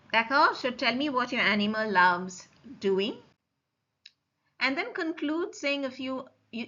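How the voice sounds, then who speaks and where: A woman teaching French in a recorded lecture, explaining slowly, repeating forms and checking that students follow. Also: mid-range voice, bright, forceful tone. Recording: dull lo-fi recording.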